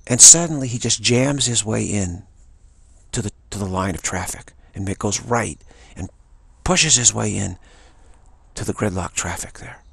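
Gravelly, husky-voiced man ranting. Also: lowish voice, moderate pace, a bit bright, dry recording. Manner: indignant, rambling storyteller. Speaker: spiritual channel host. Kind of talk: casual spoken anecdote.

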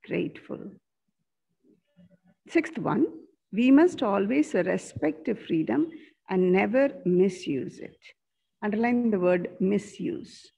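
A woman teacher, giving an online class from a school corridor, slowly repeating answers and spelling out words. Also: medium pitch, vocal fry, dark tone, husky. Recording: dull lo-fi sound.

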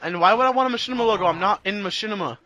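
A young man chatting casually while gaming, excitable and swearing often, with quick complaints. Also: high voice, highs cut off. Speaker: gaming commentator.

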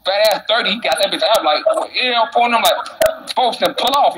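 A young man tells a rambling, slang-heavy story, tripping over restarts as he goes. His voice sits a bit high for a man. A steady hiss of noise runs under the recording. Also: a little fast. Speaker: rapper guest. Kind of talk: casual storytelling chat. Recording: noisy background hiss.

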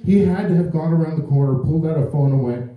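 A man's voice: fairly high pitch, fast, phone-quality sound. A man doing a stand-up comedy set, rambling through his stories in a self-mocking way in front of a live audience. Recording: echoey club from far off.

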